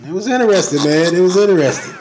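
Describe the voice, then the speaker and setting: A man's voice: high-pitched, expressive, very fast, a crowd in the background, rough recording. A man co-hosting a casual podcast, laid-back and playful, bringing up topics in an easygoing drawl. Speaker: podcast co-host introducing topics. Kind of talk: casual chat.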